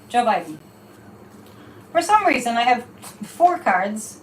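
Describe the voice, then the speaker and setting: A woman's voice: high-pitched, a little slow, distant mic. A woman hosting a livestream psychic reading, talking casually and emphatically and repeating her points. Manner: animated and emphatic, repeating phrases. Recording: echoey room, from off mic, faint background noise.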